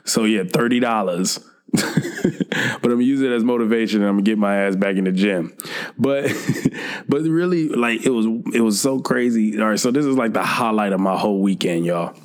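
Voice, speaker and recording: A man's voice: fairly low pitch, a little fast. A young man hosting a podcast, telling a funny weekend story in a laid-back, casual way, swearing often and laughing a lot. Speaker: podcast host.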